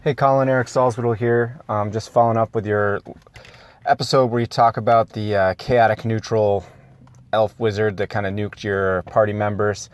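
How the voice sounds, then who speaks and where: A man leaving a voicemail call-in, telling a relaxed story. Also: fairly low pitch, normal speed. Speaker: caller.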